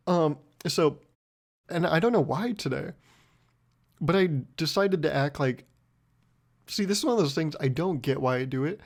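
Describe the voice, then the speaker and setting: A man's voice: a little high, normal speed, long pauses. A young man hosting his own podcast, telling a story in a rambling, profane, self-mocking way. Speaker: podcast host. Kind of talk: casual solo podcast monologue.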